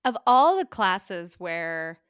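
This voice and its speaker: A woman's voice: lowish voice, very animated, takes it slowly, a bit bright, clear, resonant tone, no room sound, studio quality. A woman co-hosting a podcast, chatting casually in an agreeable way with lots of fillers. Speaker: podcast co-host. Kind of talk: casual chat.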